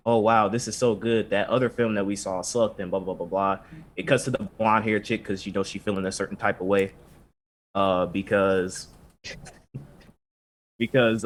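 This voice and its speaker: A man's voice: fairly low pitch, a bit bright. A man co-hosting a casual podcast, retelling an episode in a loose, joking way and acting out the characters' lines. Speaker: podcast co-host. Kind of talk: casual anime recap chat.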